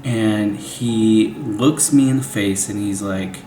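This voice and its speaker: A man's voice: lowish voice, takes it slowly, hardly any pauses, mellow, slight background noise. A young man, a father, telling a family story in a casual, rambling way, full of "like" and "you know". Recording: echoey room, faint music.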